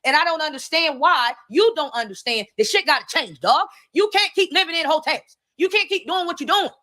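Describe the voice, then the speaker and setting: A woman's voice: sits high, expressive, a little fast, pushed and bright. A woman hosting a reaction commentary, talking bluntly and profanely. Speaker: commentary host.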